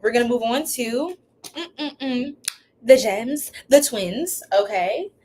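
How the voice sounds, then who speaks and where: A woman's voice: on the high side, lively intonation, slow, a little mellow, slight background noise. Playful woman giving a live tarot reading. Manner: casual and playful, with slang; laughs often. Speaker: tarot reader.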